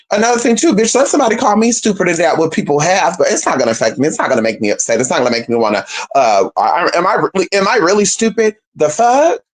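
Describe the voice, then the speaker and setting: A woman hosting a livestream, talking straight to viewers in a sassy, emphatic, swearing monologue, calling them girl and babe. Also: on the high side. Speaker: livestream host.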